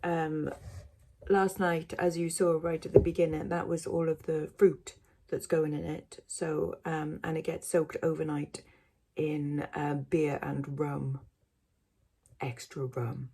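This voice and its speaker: A woman's voice: low voice, little pitch movement, slow, dark tone, husky. A woman vlogging casually from home, rambling and self-mocking, with many fillers. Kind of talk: casual chat to camera.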